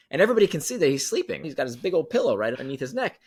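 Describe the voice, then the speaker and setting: A man's voice: a little high, very animated, very fast, husky. A man talking as a podcast guest, explaining ideas emphatically and repeating key phrases for effect. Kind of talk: animated storytelling explanation.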